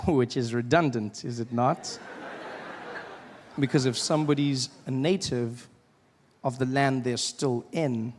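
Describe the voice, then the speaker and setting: A man performing a stand-up comedy set in a live venue, playful and acting out characters with sudden shouted outbursts. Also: mid-range voice. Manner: playful, acts out characters with loud shouted bits.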